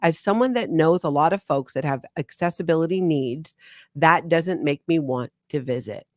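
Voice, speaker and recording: A woman co-hosting a casual chat, reading reviews aloud in an animated, self-mocking way with frequent laughs. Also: deep voice, normal speed, no room sound, studio quality. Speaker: co-host, former member discussing the church.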